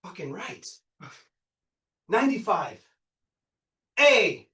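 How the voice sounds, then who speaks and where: A man in his fifties leading a live real estate training workshop, excitable and loud, quizzing the room and swearing freely. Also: sits high, very slow. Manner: excitable, loud, bursts into yelling; quizzes the audience, punchy and profane. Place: meeting room with a live audience. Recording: echoey room, picked up from a distance.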